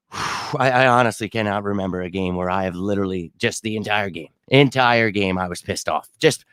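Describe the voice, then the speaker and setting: Still rattled and furious over a bad loss, this fan-show host speaks at a moderate pace in a lowish, slightly bright voice that's clear and resonant. His exasperated postgame rant keeps stumbling and restarting, and the recording is dry.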